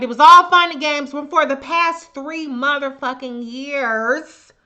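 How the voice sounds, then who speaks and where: Woman, high voice, bright and sharp, profane live-stream rant, contemptuous. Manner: greets chat viewers by name. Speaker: livestream host. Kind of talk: live political commentary.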